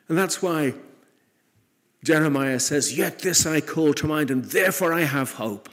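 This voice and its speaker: A man preaching a sermon in an earnest way, rising to emphatic peaks and then dropping soft. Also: on the high side, husky.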